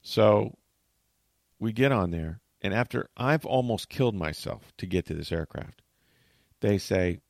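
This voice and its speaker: A man hosting a talk show, telling a long story in animated, chatty fashion and acting out what people said. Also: on the low side, measured pace, gravelly, no echo, clean studio sound. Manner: tells long stories, acts out quotes.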